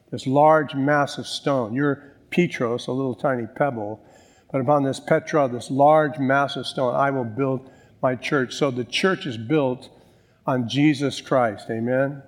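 A man preaching a sermon as pastor, emphatic, with slow, drawn-out stresses on key words. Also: mid-range voice, in a large hall.

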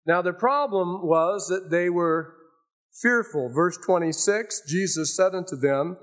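An older man preaching from the pulpit with a somewhat high-pitched voice. He drives his points with raised, emphatic phrases, then drops into quiet, confiding asides. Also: unhurried. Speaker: pastor. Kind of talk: sermon.

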